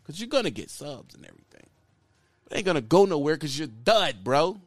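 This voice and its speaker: A man's voice: a little high, sing-song, a little fast, no room sound, clean studio sound. A man ranting at another YouTuber in a blunt, mocking call-out, repeating his insults over and over. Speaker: YouTuber calling out another trucker. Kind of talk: heated call-out rant.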